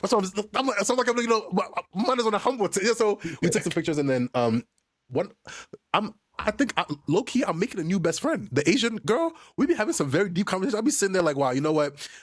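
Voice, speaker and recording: Male podcast co-host, quick animated storyteller, dry sound. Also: sits high, no echo. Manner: animated storytelling, slangy, laughing often. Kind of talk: casual chat among friends.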